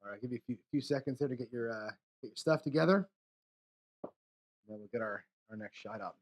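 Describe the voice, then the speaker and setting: Slight background noise accompanies a man talking quickly at medium pitch. He's a craps streamer rolling dice live, frustrated, muttering casual commentary to viewers and swearing between rolls.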